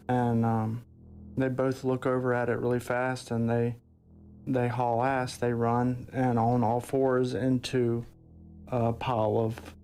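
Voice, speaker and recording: Gravelly middle-aged man telling a story haltingly. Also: mid-range voice, darkish tone. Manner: halting, restarts, searching for words. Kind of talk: recounting a personal experience in a documentary clip.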